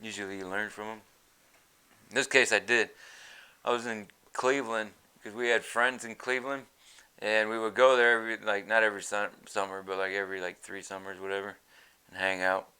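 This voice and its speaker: A man's voice: fairly low pitch, flat delivery, a little fast, bright, forceful tone, smooth. A man hosting a casual podcast, rambling through stories and giggling often. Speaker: podcast host. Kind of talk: casual stoner chat.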